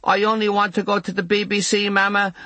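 A man's voice: on the high side, fairly even intonation, moderate pace, sharp tone, no echo, voice pushed up. A man voicing a desperate teenage boy with a Limerick accent, crying and pleading while locked in. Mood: wailing. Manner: wailing, pleading.

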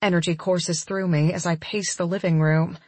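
A young woman narrating a first-person romance audiobook in an expressive, intimate inner-monologue style. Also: fairly low pitch, normal speed, breathy edge, no echo.

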